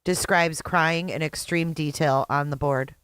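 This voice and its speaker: A woman's voice: low-pitched, steady tone, a little slow, a bit bright, clear, resonant tone, no echo, studio quality. A middle-aged woman hosting a reaction video, blunt and sarcastic, swearing freely as she comments. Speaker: YouTube host reacting to a clip.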